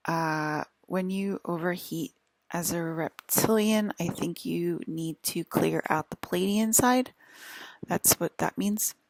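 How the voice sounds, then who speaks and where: A woman vlogger talking in a rambling, halting monologue full of restarts and fillers, sometimes dropping to a whisper. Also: lowish voice, vocal fry.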